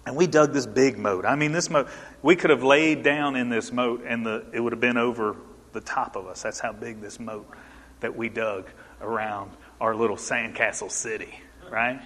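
A man in his forties preaching a sermon, telling a story in an animated way and asking the congregation questions. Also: medium pitch, moderate pace, long reverb tail.

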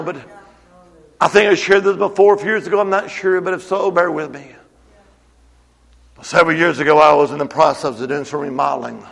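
A high, bright-voiced male pastor with a gravelly edge, preaching from the pulpit. He swings from hushed storytelling to shouted calls for the church to stand and praise. The sound rings with the long reverb of a church hall. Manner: builds from hushed storytelling to shouted call-and-response exhortation. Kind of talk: sermon.

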